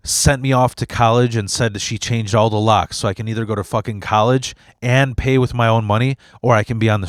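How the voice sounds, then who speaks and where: A man with a lowish voice speaks in a candid personal monologue, open about his feelings and loose with swearing. He often stops and restarts mid-sentence. The sound is dry and close, with no room echo. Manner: emotional and profane, with frequent restarts. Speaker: podcast host.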